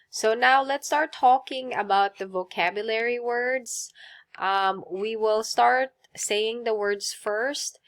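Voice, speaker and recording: Slow, patient woman teaching vocabulary. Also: mid-range voice, a bit bright. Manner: slow, clear drills with repeat prompts and praise. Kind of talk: vocabulary lesson for kids.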